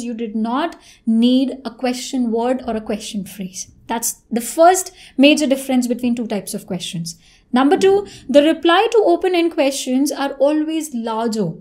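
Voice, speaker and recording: A woman's voice: high-pitched, a little mellow. A woman teaching an English lesson, explaining step by step, checking in with "right?" and showing rising and falling intonation.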